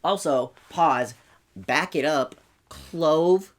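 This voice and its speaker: A man's voice: a little high, extremely slow. A young man in his late teens co-hosting a casual podcast, teasing his friend and laughing often as he tells stories. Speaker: podcast co-host. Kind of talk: casual chat.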